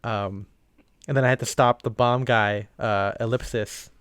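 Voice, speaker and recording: A man's voice: mid-range voice, steady tone, measured pace, a bit bright, smooth, dry recording, studio quality. A young man co-hosting a podcast, rambling and laughing often. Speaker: podcast co-host. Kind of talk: casual chat.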